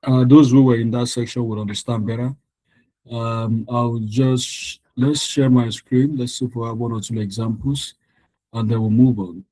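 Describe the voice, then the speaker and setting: A man leads an online exam-prep lesson, working through answers on a shared screen. His voice is mellow and dark, and it sounds dry and close on a computer mic. He explains patiently, repeating phrases and restarting sentences with plenty of ums. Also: medium pitch, fairly even intonation, normal speed, dry recording, low-quality recording. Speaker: exam tutor.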